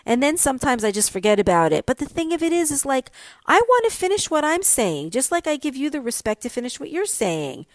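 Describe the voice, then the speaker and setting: A woman's voice: high-pitched, big pitch swings, fairly quick, no room sound. A middle-aged woman hosting a podcast, chatting casually and animatedly about her pet peeves. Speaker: podcast host. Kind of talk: casual solo podcast chat.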